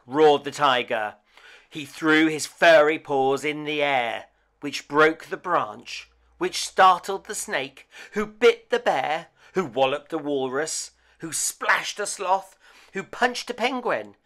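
A man reading a children's picture book aloud with expressive, playful storytelling. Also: a little high, slow. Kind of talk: storybook read-aloud narration.

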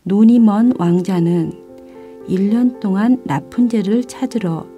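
A woman narrating a children's storybook, reading quickly and steadily. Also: medium pitch. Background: soft violin music.

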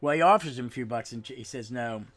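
A man's voice: mid-range voice, fast, fairly bright tone. A man hosting a podcast, giving a casual, rambling recap of a comic book issue, with frequent restarts and trailing asides. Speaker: podcast host.

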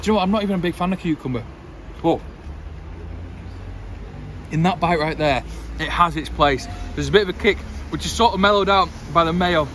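A man hosting a casual food vlog outdoors, excitable and enthusiastic as he reviews takeaway food. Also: on the high side, fairly quick, long pauses. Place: outdoors by a car on a street. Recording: noisy street with passing traffic.

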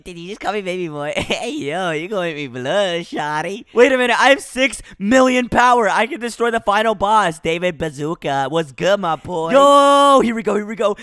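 A man's voice: high-pitched, animated, moderate pace, few pauses, a bit bright, clean tone, no room sound, clean studio sound. A young man giving playful, teasing gameplay commentary with role-play, full of slang and flustered backpedaling. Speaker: gaming YouTuber.

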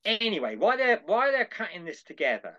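Speaking fast in a high voice, an older podcast guest spins out a lengthy anecdote and performs each character's lines in separate voices with plenty of animation. The sound comes through as a dull, lo-fi call.

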